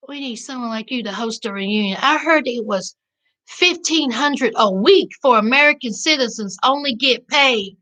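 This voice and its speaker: A woman with a Southern US accent hosts a casual live recap, answering chat in a sassy, animated way. Her voice sits very high. It sounds bright and forceful. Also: poor audio. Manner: sassy, animated, calls viewers child and honey. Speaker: livestream host reading chat.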